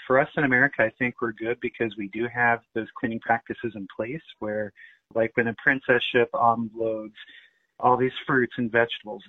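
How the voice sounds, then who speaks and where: A man's voice: mid-range voice, husky, no echo. A man who sells cruises, giving conversational phone interview answers with fillers. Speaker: cruise travel seller. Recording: tinny phone line.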